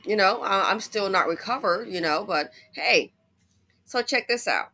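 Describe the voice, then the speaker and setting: A woman giving a casual commentary monologue in a conversational way, with animated asides. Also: mid-range voice, measured pace. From United States. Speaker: commentary YouTuber.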